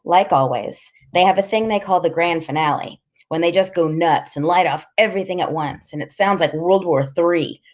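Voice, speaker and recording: A woman reading a first-person story aloud in a casual, slangy storytelling manner. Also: on the low side. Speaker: audiobook reader.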